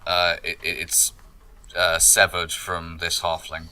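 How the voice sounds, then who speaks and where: A man's voice: sits low, completely flat delivery, takes it slowly, bright, forceful tone, clear, resonant tone. A man playing a tabletop game who declares his character's actions plainly and decisively. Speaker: player.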